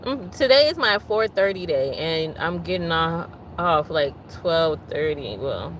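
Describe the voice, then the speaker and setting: A woman's voice: sits low, expressive, a little slow, fairly bright tone, a little hiss or hum, rough recording. A woman hosting a casual livestream, chatting and venting while greeting viewers by name. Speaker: livestream host.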